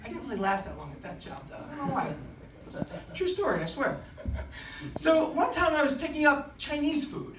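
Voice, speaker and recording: A man's voice: very high-pitched, a bit bright, recorded from a distance, slight background noise. A man doing stand-up comedy at an open mic in a small comedy club, with chatty, self-deprecating storytelling. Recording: roomy club, mic heard from afar. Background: small audience laughing.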